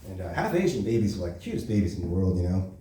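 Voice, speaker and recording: Profane stand-up comic in an echoey club. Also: male voice, deep voice, very animated, fast, mellow. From Korean heritage. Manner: profane, conversational, keeps asking "right?" and "you know?". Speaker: stand-up comedian. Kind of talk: open mic stand-up set. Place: comedy club open mic. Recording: echoey room, mic heard from a distance.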